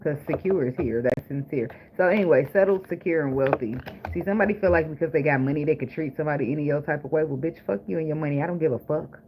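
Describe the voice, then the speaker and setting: Man, casual tarot reading, blunt and profane, joking, fairly high voice, noisy recording with clicks. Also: fast, hardly any pauses. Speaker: tarot reader.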